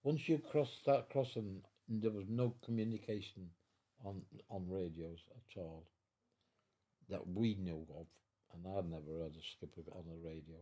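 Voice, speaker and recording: A very old man speaks in a low, dark, mellow voice. He tells his story haltingly, stumbling over and repeating words, and slips into the voices of the people in it. He sits at home in his living room. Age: 90s. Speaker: veteran guest. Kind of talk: storytelling in an interview.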